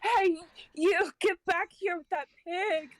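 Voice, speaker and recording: A woman voicing a drunk young woman adventurer who shouts orders in a raised, theatrical voice. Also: extremely high pitch, takes it slowly, no echo, clean studio sound, voice pushed up. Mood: yelling.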